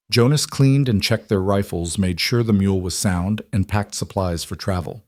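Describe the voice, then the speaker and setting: Low-voiced male storybook narrator. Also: a little mellow, no echo, clean studio sound. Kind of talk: scripted narration.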